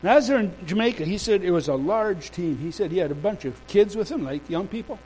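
A male preacher delivering a sermon and telling a story in an animated, emphatic way. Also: high voice, a little fast, a little hiss or hum, low-quality recording.

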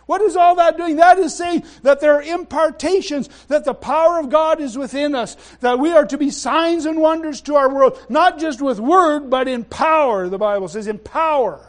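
Pastor, male, very high voice, preaching with halting restarts and sudden loud bursts. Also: animated. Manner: swings between quiet asides and loud exclamations. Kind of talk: sermon.

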